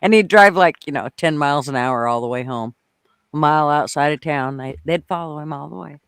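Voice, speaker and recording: A man with a bright, crisp voice chimes in with short, wry remarks as a podcast co-host. His voice sits a little high, and the sound is dry. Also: brisk, no echo. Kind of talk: casual chat.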